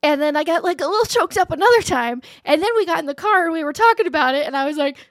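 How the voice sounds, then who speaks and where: A woman's voice: very high voice, expressive, fast, no echo, clean studio sound. A woman in her forties co-hosting a podcast, chatting casually, laughing often and saying "like" a lot. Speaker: podcast co-host. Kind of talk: casual chat.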